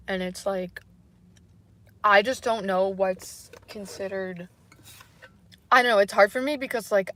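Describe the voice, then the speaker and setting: Female streamer, casual chat to viewers, soft and apologetic, hesitant with lots of fillers. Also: medium pitch. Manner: hesitant, rambling, many fillers. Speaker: livestreamer.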